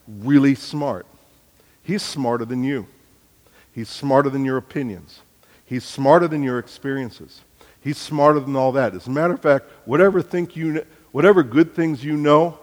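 A man's voice: mid-range voice, long reverb tail. A middle-aged man preaching a sermon, telling family stories with acted-out dialogue and building to emphatic points. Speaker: pastor.

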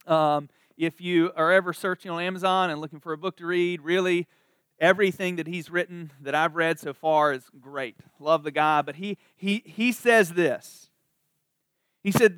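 A man delivers a church sermon in a high, smooth voice. He sounds conversational yet emphatic, slowing down to lean on the words that matter. The sound is close and dry. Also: expressive, a bit bright, dry recording. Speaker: preacher. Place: church service.

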